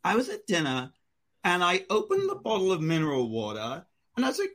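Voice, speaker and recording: A man's voice: high voice, brisk. A man co-hosting a casual chat show, telling a personal story and acting out the quotes. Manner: animated storyteller, acts out quotes. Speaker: co-host.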